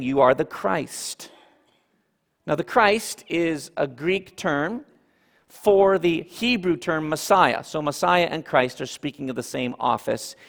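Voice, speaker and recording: A man preaching a sermon as pastor, emphatic and animated, with asides to the congregation. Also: on the high side, gravelly. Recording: reverberant hall.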